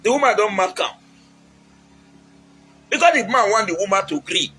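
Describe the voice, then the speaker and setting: A man's voice: high voice, expressive, moderate pace, sharp tone, husky, low-quality recording. A man with a Nigerian accent giving casual, preachy relationship advice, mixing in Pidgin and acting out quotes.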